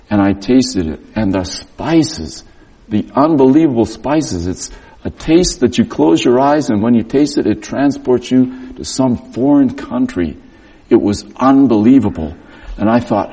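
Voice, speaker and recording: A middle-aged man preaching a storytelling sermon, animated and acting out the dialogue. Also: medium pitch, measured pace, husky.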